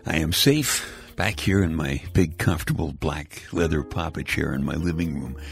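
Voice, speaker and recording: Older New host, deep and animated, telling wry rambling stories over soft music. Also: male voice, vocal fry. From Brooklyn. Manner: folksy, rambling, wry humor. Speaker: podcast host. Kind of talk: bedtime storytelling monologue.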